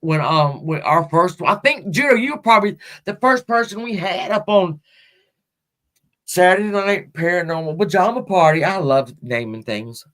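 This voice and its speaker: A woman's voice: lowish voice, expressive, moderate pace, a bit bright. A middle-aged woman hosts a casual talk show and tells a personal story. Her talk rambles, with restarts and side turns. She speaks frankly and swears freely. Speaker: podcast host.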